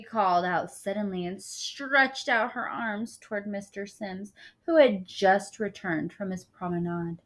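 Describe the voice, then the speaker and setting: Slow, expressive woman reading a picture book. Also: mid-range voice. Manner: expressive, with casual asides to listeners. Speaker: storyteller.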